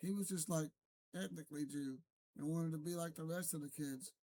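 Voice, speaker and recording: Solo streamer, male, fairly high voice, rambling and argumentative, restarts his sentences. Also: fairly quick, warm tone, slight background noise. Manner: rambling, self-correcting, argumentative. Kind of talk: unscripted solo rant to camera.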